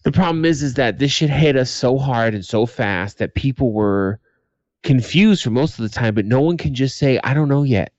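A man's voice: medium pitch, lively intonation, normal speed, darkish tone, no room sound, lo-fi sound. A man co-hosting a podcast in casual chat, swearing freely and speaking emphatically. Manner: profane, emphatic. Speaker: podcast co-host.

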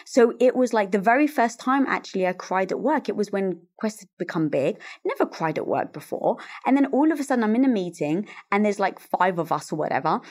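A woman's voice: medium pitch, fairly quick, few pauses. A woman who is a guest author in an interview conversation, telling stories animatedly and acting out quoted lines. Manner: animated storyteller, acts out quotes.

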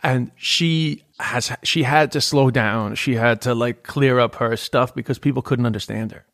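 A man's voice: mid-range voice, moderate pace, fairly bright tone. A man with a New York Queens accent, a stand-up comedian in casual podcast chat, talking in a loose, rambling way full of restarts. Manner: chatty, restarts with many "like"s.

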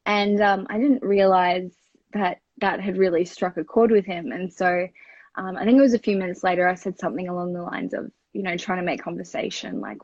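A woman's voice: medium pitch, a little fast, no echo. Young woman, Australian accent, rambling storyteller, dry dull lo-fi sound. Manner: rambling, filler-heavy and chatty. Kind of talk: personal storytelling. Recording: dull, lo-fi dry home recording.

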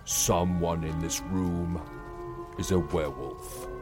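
A man as a deep, pompous lord. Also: steady tone, slow pace, music in the background. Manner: pompous, theatrical. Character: pompous, grieving older lord of a manor. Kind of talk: comedy audio drama acting.

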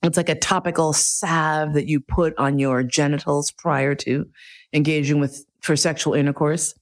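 A woman's voice: low voice, fairly even intonation, moderate pace. A middle-aged woman telling a candid, profane, self-mocking story as a monologue.

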